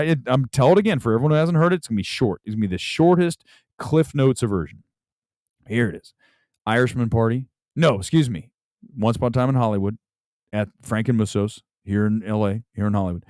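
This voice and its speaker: A man's voice: mid-range voice, a little mellow, no echo, studio quality. A man hosting a livestream, telling a rambling story in casual chat with lots of restarts. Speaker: show host. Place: Los Angeles.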